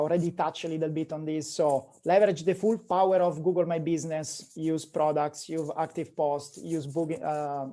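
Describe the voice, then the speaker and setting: A man's voice: fairly high pitch, mellow. A man from Rome with an Italian accent, a guest speaking plainly and matter-of-factly in a casual interview. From Rome, Italy. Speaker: guest, dental marketing agency.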